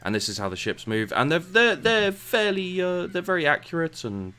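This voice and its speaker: A man's voice: high voice, very animated, moderate pace, pushed and bright, clear, resonant tone. A man giving casual commentary while playing and reviewing a game, rambling and often tripping over and repeating his words. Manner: rambling, stumbles and repeats words, mutters asides.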